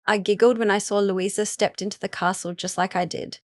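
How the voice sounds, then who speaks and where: Even-voiced woman reading a romance. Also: mid-range voice, fairly quick, dry recording, clean studio sound. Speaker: narrator. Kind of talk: first-person audiobook narration.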